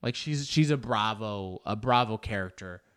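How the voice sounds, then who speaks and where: A man's voice: fairly low pitch, moderate pace, fairly bright tone, smooth. A young man in a loose, joking solo monologue, swearing and restarting often as he rambles.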